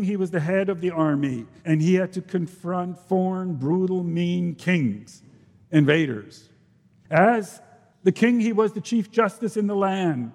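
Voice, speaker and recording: High-voiced preacher in a reverberant hall. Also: male voice. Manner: earnest, with sudden drops to a low hush and rises in force. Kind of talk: sermon. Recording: long reverb of a large hall.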